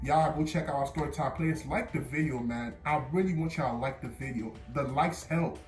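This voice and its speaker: A young man telling a casual storytime, animated and stammering, with sudden loud bursts as he recounts. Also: mid-range voice, a little fast. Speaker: vlogger. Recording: roomy echo with faint music.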